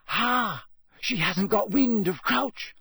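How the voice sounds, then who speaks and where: A man's voice: high-pitched, sing-song, no echo, studio quality, pitched above the performer's own voice. A man voicing an eager clever schoolgirl. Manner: quick and earnest. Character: eager clever teenage girl student. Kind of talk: audiobook character voice.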